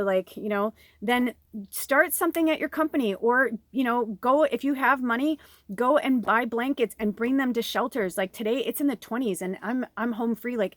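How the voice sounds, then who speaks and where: A woman's voice: medium pitch, dry recording, studio quality. A woman in her forties, a tarot reader from Chicago, rambling emotionally through a personal story with plenty of swearing, recorded inside an RV. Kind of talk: casual storytelling to viewers.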